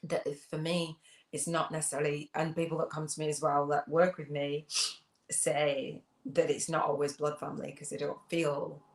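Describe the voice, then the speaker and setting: Woman, livestream host, reflective and rambling, flat delivery, roomy echo. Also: deep voice, normal speed. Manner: rambling, reflective, with many fillers and restarts. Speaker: host of a spiritual business channel. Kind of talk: casual livestream monologue reading viewer comments.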